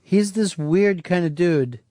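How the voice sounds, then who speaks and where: A man's voice: high-pitched, slow, dark tone, no echo. A man hosting a talk radio show, joking crudely with his co-host and taking calls. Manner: crude, joking, takes callers. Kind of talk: casual talk radio banter. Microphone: studio microphone.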